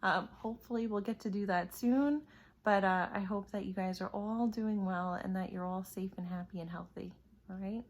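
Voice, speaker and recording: A teacher reading a picture book aloud to her pupils in a gentle, expressive way. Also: medium pitch, moderate pace. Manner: expressive, gentle storytelling to children.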